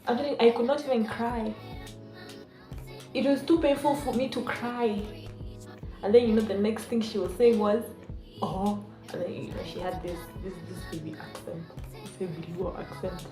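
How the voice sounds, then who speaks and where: A young woman with a Kenyan accent tells a story in a playful, animated vlog voice. Her voice sits at an ordinary middle pitch and echoes in a roomy space, with music clearly audible in the background. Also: normal speed. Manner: animated, playful, switches into Swahili. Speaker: vlogger. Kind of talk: story time. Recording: echoey room with music behind.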